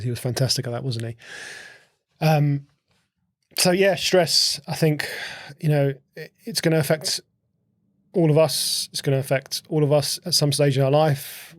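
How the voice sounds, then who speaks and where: A man talks on a podcast in a gravelly, creaky voice and works through his points with rhetorical questions. He often repeats words as he thinks. The sound is dry and close, with no room echo. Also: medium pitch. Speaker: podcast guest, host's husband. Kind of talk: casual conversational explaining.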